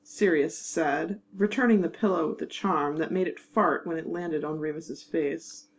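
Low-voiced woman narrating a fan audiobook. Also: low-quality recording. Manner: measured, wry storytelling. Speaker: narrator and producer.

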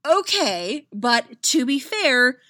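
A woman voicing a cocky, fast-talking male genius inventor who speaks through a small robot, flippant and teasing. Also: sits high, sing-song, sharp tone, dry recording, studio quality, pitched above the performer's own voice, exaggerated voice.

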